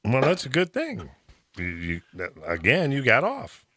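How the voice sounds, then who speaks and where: Man hosting with quick reactions. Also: mid-range voice, wildly swooping pitch, bright, forceful tone, no echo. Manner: short reactions and backchannels. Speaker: host. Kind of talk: casual chat.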